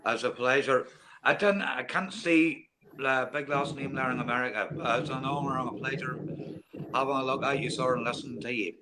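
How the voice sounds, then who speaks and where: A man with a Northern Irish accent in a casual chat, friendly and quick with his greetings and goodbyes. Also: medium pitch, very noisy.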